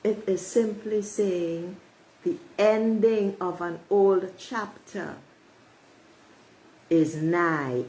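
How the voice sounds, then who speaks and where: Addressing her viewers as beautiful souls, a woman delivers a spiritual oracle card reading with emphasis and repeated affirmations. Her lowish voice is a little mellow, though the audio is poor.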